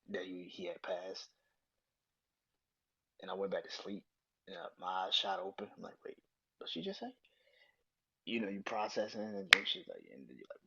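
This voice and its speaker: A man with a very low, husky voice talks about loss in halting, restarting phrases that keep sinking toward a breathy near-whisper. His tone stays bright and forward despite the tears. The sound is dull and lo-fi. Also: dry recording. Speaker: podcast host. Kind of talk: personal monologue on grief.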